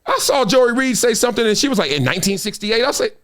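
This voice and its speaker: A man hosting a podcast, giving animated, preachy commentary and acting out little quoted exchanges. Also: very high voice, fast. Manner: preachy, dramatic, acts out quotes. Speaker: podcast host.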